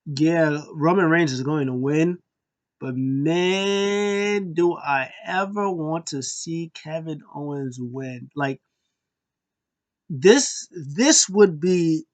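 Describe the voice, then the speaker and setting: A man casually recapping a wrestling show, animated and acting out the wrestlers' lines in quick impressions. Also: on the high side.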